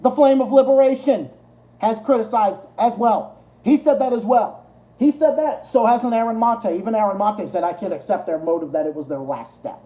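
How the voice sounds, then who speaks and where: A man's voice: high voice, moderate pace, warm tone. A man hosting a casual livestream, rambling and swearing, often laughing at his own jokes. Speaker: livestream host. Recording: roomy echo.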